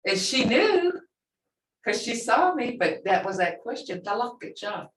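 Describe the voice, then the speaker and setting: An older woman leads a language class at a very slow, patient pace, repeating each phrase for her students. Her voice sits in the middle range. It rings in an echoey room and sounds a little distant from the mic. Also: on the high side, very animated. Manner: unhurried, repeats phrases for learners. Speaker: language teacher. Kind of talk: relaxed classroom teaching.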